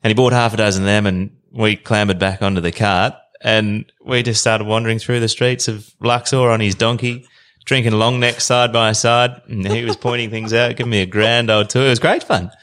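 A man, a podcast guest telling a long travel story in a relaxed, rambling way. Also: on the low side, moderate pace.

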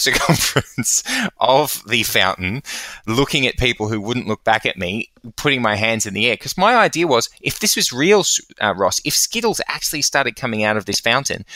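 A man's voice: mid-range voice, no room sound. A man, co-hosting a podcast and telling comic stories in casual chat. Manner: animated comic storytelling. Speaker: podcast co-host.

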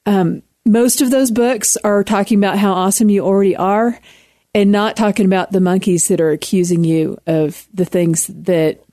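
Texan woman in her fifties, mellow voice. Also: medium pitch, moderate pace, no echo, clean studio sound. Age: 50s. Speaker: author, interview guest. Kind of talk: radio interview.

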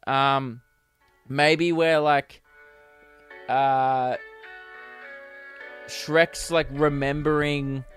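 A man's voice: medium pitch, fairly even intonation, drawn-out words, pauses often, fairly bright tone, clear, resonant tone, soft background music. A young man, hosting a casual solo podcast, rambling and giggly with lots of fillers. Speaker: podcast host and comedian.

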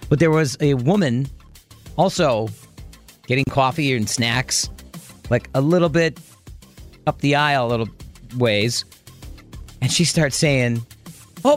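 A man hosting a call-in radio show, telling a story in a chatty, animated way. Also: medium pitch. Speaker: radio host.

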